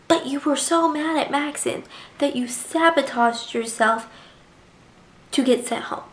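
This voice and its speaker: A woman's voice: high voice, a little slow, echoey room. A young woman reviewing a book in a casual vlog, chatty and gushing with lots of filler words.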